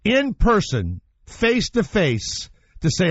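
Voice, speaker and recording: A man's voice: mid-range voice, normal speed, no room sound, muffled recording. A man hosting a talk radio show, telling stories in an opinionated, blunt way with some swearing. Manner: opinionated, animated storytelling with blunt profanity. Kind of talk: casual talk radio chat.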